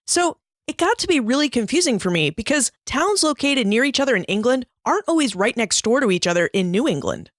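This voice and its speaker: Lively-voiced woman podcast host. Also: on the high side, a little fast, dry recording, clean studio sound. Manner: curious, conversational. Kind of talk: interview questions.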